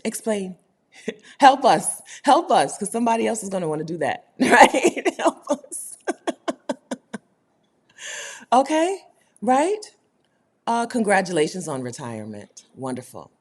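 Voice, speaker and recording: A woman's voice: medium pitch, wildly swooping pitch, unhurried, pauses often, a little mellow. A woman hosting a casual livestream, chatting with viewers, reading their comments aloud and laughing often. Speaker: host of a livestream for her community.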